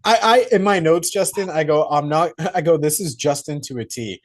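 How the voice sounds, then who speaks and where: A man's voice: fairly high pitch, expressive, brisk. A man co-hosting a casual movie review podcast, acting out scenes in put-on voices and swearing freely. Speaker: podcast co-host.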